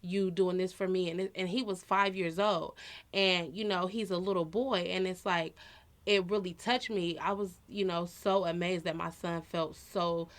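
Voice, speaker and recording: A woman in her thirties with a slightly low voice, talking casually on a podcast. She tells personal stories in an earnest and reflective way, as a co-host would. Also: fairly even intonation, moderate pace.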